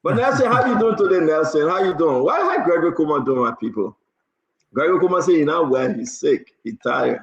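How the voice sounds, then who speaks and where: A man's voice: on the high side, lively intonation, a little fast, highs cut off. A man from Liberia with a Liberian accent, hosting a casual political talk show, teasing and pushing his guest with many restarts.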